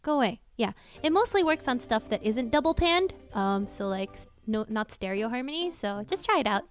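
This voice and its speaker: A woman's voice: fairly high pitch, expressive, moderate pace, soft background music. A young woman hosting a casual live Q&A about singing covers, chatty and self-correcting with lots of fillers.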